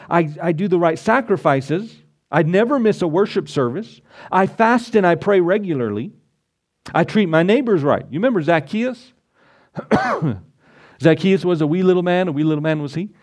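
Um pastor pregando um sermão num tom coloquial e popular, que cita e lê versículos da Bíblia. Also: male voice, high voice, a little mellow. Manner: folksy, conversational preaching with Bible readings. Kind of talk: sermon.

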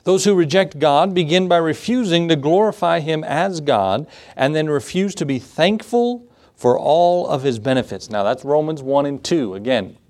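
A man's voice: on the high side, animated, normal speed, darkish tone. A middle-aged male pastor preaching a sermon in a conversational, storytelling way, with fillers and asides.

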